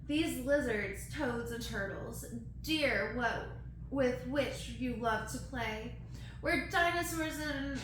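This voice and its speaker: Slow, giggly woman reading poems aloud. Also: high-pitched, fairly bright tone, slight background noise. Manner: giggly, self-deprecating, stumbles over hard words. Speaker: poetry reader. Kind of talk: casual poem reading with chatty asides. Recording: very echoey room.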